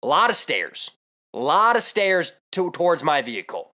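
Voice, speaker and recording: A man's voice: a little high, very animated, moderate pace, bright, forceful tone. A young man vlogging, telling a comedic story with exaggerated asides and rambling digressions.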